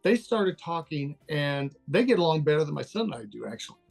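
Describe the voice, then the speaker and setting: A man's voice: fairly high pitch, sing-song, brisk, vocal fry, soft background music. An older man from Texas, a guest in a casual interview, talking candidly and laughing easily. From Texas, USA. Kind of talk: casual interview over a call.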